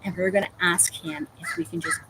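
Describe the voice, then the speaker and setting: A woman's voice: medium pitch, a little fast, vocal fry. Woman chatting on a craft stream, voice bounces around a lot, background noise going the whole time. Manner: chatty storytelling, animated. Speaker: crafting livestream host reading chat. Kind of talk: casual chat.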